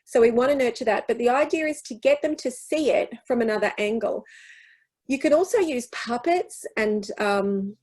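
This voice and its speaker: A woman with an Australian accent speaking at a teachers' workshop, explaining child development and acting out gentle phrases to use with kids. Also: fairly high pitch, normal speed. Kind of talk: workshop Q&A talk.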